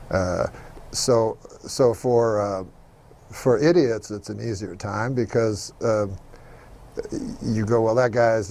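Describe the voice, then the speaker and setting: A man, a comedian guest, giving interview answers in a halting manner with many hesitations. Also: lowish voice, vocal fry, darkish tone, a little hiss or hum.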